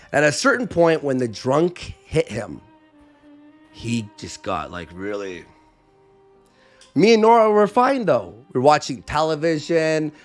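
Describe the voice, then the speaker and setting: A man telling a long story in a casual, profane way, acting out what others said. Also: medium pitch. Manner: profane, animated, acts out quotes. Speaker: podcast host.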